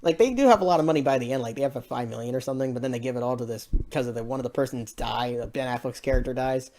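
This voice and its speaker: A woman's voice: rumbling low, rapid-fire, warm tone. A woman giving a casual spoken movie review, rambling and exasperated, laughing often between her points.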